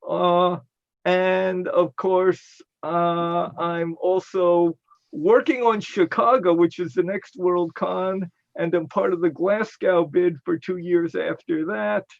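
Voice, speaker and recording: A man with an upstate New York accent talks on an online panel in a measured, hesitant way, leaning on fillers. His voice is gravelly and sits a bit high, and he speaks slowly. The call audio comes through dull and lo-fi. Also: fairly even intonation. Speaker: panelist and guest of honor. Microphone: video call.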